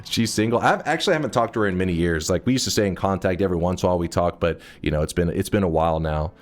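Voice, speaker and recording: A man with a low voice races through a rambling story while streaming a game, swearing casually and cutting himself off mid-sentence as he tells it.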